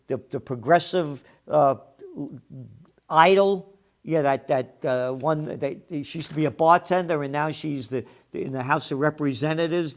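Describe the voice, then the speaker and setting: A man hosting an opinionated news commentary show, blunt and sarcastic, with profane heated outbursts. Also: on the high side. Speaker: host of a trends commentary show.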